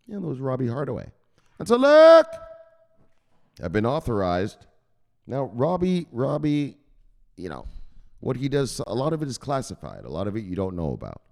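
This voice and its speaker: A man's voice: lowish voice, vocal fry, mellow. A man hosting a crypto news channel, telling a profane comic tall tale in a conspiratorial tone. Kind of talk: casual comic storytelling.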